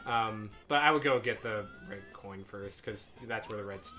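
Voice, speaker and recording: A man's voice: on the low side, normal speed. A young man on a gaming podcast, chatting casually, laughing often and giving game tips. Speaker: podcast co-host and gamer.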